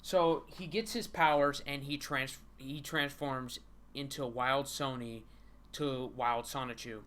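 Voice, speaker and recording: A man's voice: medium pitch, fairly even intonation, slow, fairly bright tone. A man live-streaming himself reading a comic, talking casually with stammering repetitions, frequent giggles and mock-dramatic dread.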